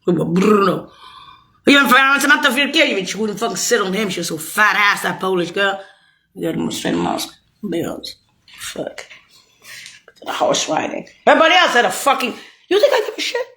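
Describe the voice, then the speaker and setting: A woman's voice: medium pitch, expressive, normal speed, sharp tone. A woman delivering an angry, profane, rambling rant straight to the listener. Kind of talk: unscripted rant to camera.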